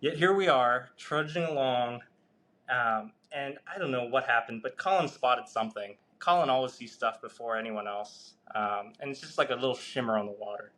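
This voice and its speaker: A man telling a story as a podcast guest, animated, swearing and laughing as he goes. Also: medium pitch, moderate pace. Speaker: guest researcher. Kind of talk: casual storytelling in a podcast interview.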